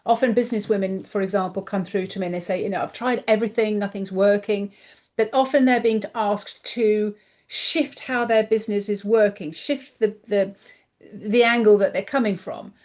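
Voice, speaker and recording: A woman guest on a podcast, chatting casually about her coaching work, animated and acting out the voices she quotes, her voice getting a little tired. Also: medium pitch, normal speed. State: voice tiring, clears throat. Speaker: guest, intuitive coach and author.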